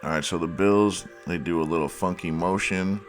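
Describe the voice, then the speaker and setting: A man's voice: sits low, steady tone, normal speed, faint music behind. A man giving a casual, sarcastic breakdown of football plays, mocking the mistakes bluntly as he analyzes the film.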